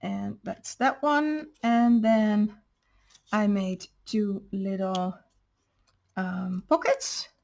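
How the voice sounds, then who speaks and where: A woman's voice: medium pitch, expressive, extremely slow, creaky, darkish tone. A woman hosting a craft channel, patiently explaining step by step how she made each paper piece. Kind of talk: crafting show-and-tell.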